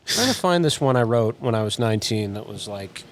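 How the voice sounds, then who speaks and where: A man's voice: on the low side, expressive, a little fast. A man chatting casually on a podcast, rambling, restarting his sentences and trailing off as he tries to recall things. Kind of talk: casual chat.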